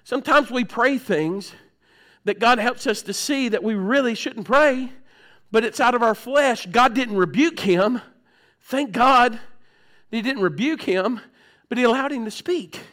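A male pastor preaching a sermon in a plain, conversational way, swinging between soft and loud passages. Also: extremely high pitch, measured pace, pauses often.

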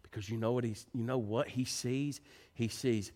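A man preaching a sermon. He moves between quiet, earnest pleading and animated storytelling. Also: normal speed, hardly any pauses. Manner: animated, rising to high excited pitch when telling stories.

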